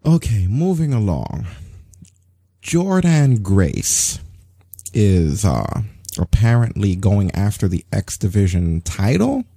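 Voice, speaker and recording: Brief: male stream host, dark husky voice, easygoing chatter, dry close sound. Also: lowish voice, slow pace, no room sound. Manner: relaxed, chatty, laughs often. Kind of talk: casual wrestling news chat.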